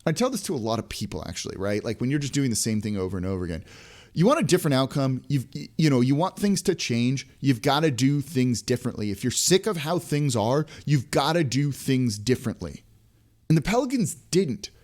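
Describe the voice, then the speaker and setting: Exasperated animated male sports podcaster. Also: mid-range voice, brisk. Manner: exasperated, animated, many restarts and rhetorical questions. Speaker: podcast host. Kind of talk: frustrated sports podcast rant.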